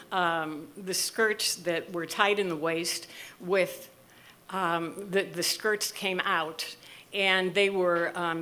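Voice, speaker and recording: Woman, 60s, from the US Midwest, storyteller, slow, bright tone, animated. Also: lowish voice. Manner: animated, enunciating, comic timing. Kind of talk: live storytelling.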